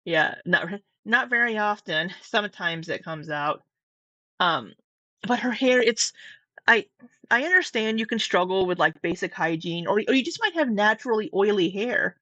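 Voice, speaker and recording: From her home desk, a Southwest Missouri commentary vlogger with a Midwestern accent rambles casually through a reaction, swearing and starting over. Her mid-range voice is expressive, bright and forceful at a moderate pace. The close camera mic gives a dry recording with the highs cut off.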